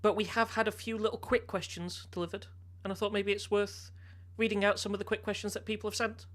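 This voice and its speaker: A man from Wales hosting a podcast in casual chat, quick and teasing. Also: sits high, little pitch movement, a bit bright. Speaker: podcast host.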